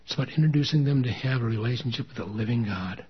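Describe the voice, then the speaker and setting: A man leads a church meeting, speaking with earnest conviction before moving into a fervent closing prayer over the people gathered. His voice is husky, at an ordinary pitch for a man. The recording is dull and lo-fi. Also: fast. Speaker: pastor.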